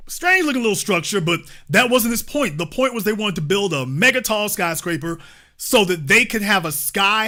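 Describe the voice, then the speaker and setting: Commentary host, male, bright, forceful voice; emphatic, stretches key words, swears freely. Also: high voice. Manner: emphatic, rhetorical questions, drawn-out stresses, swearing. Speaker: host of a political commentary show. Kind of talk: impassioned political commentary.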